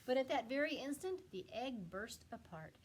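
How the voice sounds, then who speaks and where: A woman teacher reading a rhyming picture book aloud to children with expressive, animated storytelling. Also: fairly high pitch, normal speed, a little hiss or hum.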